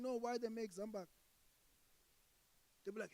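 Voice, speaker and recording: Young south african guy doing stand-up, fairly high voice, gets loud then drops to near mumbles, chats with the crowd. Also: normal speed, pauses often, rough recording. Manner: animated, swings between loud outbursts and hushed asides. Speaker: stand-up comedian. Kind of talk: stand-up comedy with crowd work.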